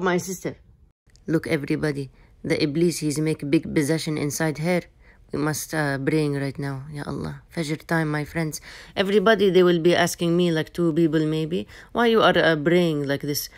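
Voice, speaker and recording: A young woman narrating a comedic day-in-the-life vlog in playful, deliberately broken English. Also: sits low, a little mellow. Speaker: comedy vlogger.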